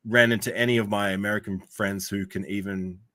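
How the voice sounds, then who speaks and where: Australian guy cohosting a stream, loose and chatty, says like a lot, lowish voice, dry close sound. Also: a little fast, dry recording. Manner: relaxed, filler-heavy, lots of "like". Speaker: co-host. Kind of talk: casual livestream chat.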